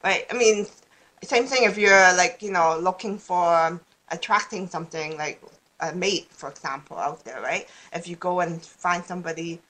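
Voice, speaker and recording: Woman guest, lowish voice, loose rambling delivery with frequent restarts, chatty interview tone. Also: moderate pace, bright, forceful tone. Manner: rambling, restarts often, laughs easily. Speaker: guest speaker on law of attraction. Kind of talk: casual podcast interview.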